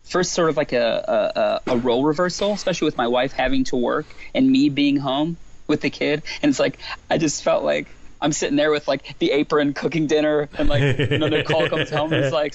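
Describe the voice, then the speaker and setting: Earnest man with a gravelly voice. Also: fairly high pitch, fairly even intonation, fairly quick, few pauses. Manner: earnest, reflective, lots of restarts and "like". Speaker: guest musician. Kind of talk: candid conversational storytelling. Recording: slightly dull lo-fi sound.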